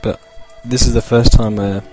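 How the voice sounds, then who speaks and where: A man's voice: mid-range voice, flat delivery, moderate pace, a little mellow, soft background music. A young Australian man hosting a casual solo podcast, rambling loosely and chuckling as he talks. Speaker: podcast host.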